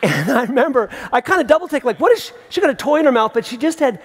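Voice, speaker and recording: A middle-aged man preaching a sermon as pastor, conversational and animated, with emphatic repeats. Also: extremely high pitch, fast talker. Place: large theatre. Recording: long hall reverb from a theatre.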